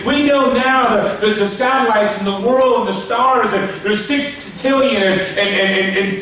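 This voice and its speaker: A man preaching a sermon with fervor, his pitch rising and dropping as he presses his points. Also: slight background noise. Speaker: pastor. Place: church. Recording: echoey, distant, dull church recording.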